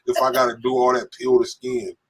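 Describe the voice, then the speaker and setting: A man's voice: medium pitch, level tone, brisk, slight background noise. A man co-hosting a casual podcast, reading viewer comments aloud and joking with a laugh. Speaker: podcast co-host reading live chat. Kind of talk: casual live-stream chat.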